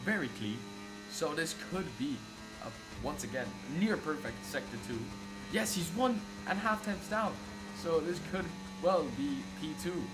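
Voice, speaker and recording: A young man from Italy, an excitable race commentator on a live stream who swears freely and banters with chat. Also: a little high. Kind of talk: live sim racing commentary. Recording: noisy stream audio.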